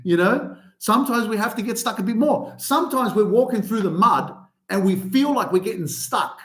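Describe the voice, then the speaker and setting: A man delivers a fired-up motivational podcast rant, swearing freely and hammering his points. His voice sits fairly high and swings widely up and down. The sound carries a noticeable room echo. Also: normal speed. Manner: animated, heavy swearing, emphatic. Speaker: podcast host.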